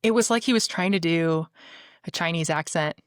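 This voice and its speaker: A woman hosts a podcast in loose, chatty conversation, breaking into laughter between thoughts. Her voice sits a little low and comes through a close microphone in a dry, dead room. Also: normal speed, dry recording. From northern United States. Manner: giggly, chatty, laughs often. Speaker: podcast host. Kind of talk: casual podcast chat.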